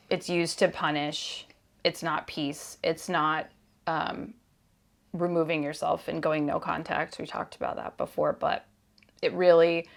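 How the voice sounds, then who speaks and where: Woman podcast host, earnest and candid, somewhat low pitch, conversational with restarts. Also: creaky. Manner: grows emphatic and exasperated in places. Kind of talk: personal podcast talk.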